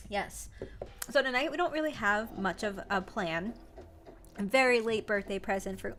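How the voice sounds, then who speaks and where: A woman's voice: mid-range voice, a little slow, a bit bright, soft background music. A young adult woman hosting a live stream, chatting casually in a rambling way with lots of fillers and restarts. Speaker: livestream host. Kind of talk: casual livestream chat.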